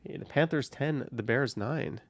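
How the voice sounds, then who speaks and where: A man's voice: medium pitch, a little slow. A young man hosting a casual live stream from his car, reading viewer messages, thanking supporters and answering questions in an easygoing way. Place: car, driving around the city.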